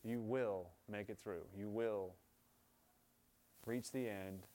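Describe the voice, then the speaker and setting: A man's voice: lowish voice, steady tone, slow pace. Earnest man preaching a sermon. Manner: earnest, builds to loud emphatic scripture readings, then quieter pleading. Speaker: pastor. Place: church service.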